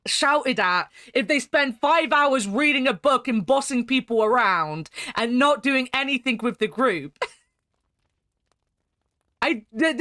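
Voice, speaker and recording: Lady streamer chatting away, a bit high, dry close sound. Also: a bit bright, no echo. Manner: chatty, laughing, reads chat aloud. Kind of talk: casual chat while playing a game.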